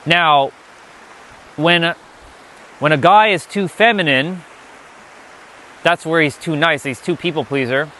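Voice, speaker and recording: A man's voice: a little high, a little slow, pauses often, sharp tone, slight background noise. A man giving an unscripted spiritual lesson, blunt and emphatic, often swearing. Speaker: spiritual teacher.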